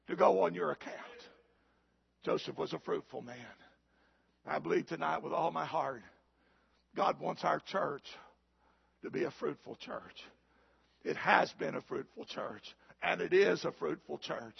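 A man, a pastor, preaching a sermon with a raspy voice, building to shouted climaxes and calling out to the congregation. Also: fairly high pitch, moderate pace, no room sound, dull audio.

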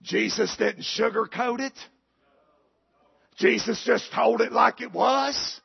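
A male preacher with a gravelly voice, telling a folksy story in a sermon that builds to shouted preaching, in a church. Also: extremely high pitch, slow, highs cut off.

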